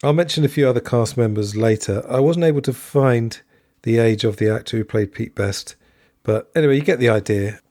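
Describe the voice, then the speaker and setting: A man's voice: medium pitch, a little fast, mellow, no room sound, studio quality. A man hosting a solo podcast, talking in a chatty, digressive way and often correcting himself. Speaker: podcast host.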